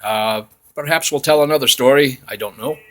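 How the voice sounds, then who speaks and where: A man's voice: medium pitch, a little fast, a bit bright. A man telling a homespun story in a rambling, folksy way, leaning on "he says" as he goes. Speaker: storyteller in costume persona. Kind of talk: folksy spoken tale. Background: faint chanting.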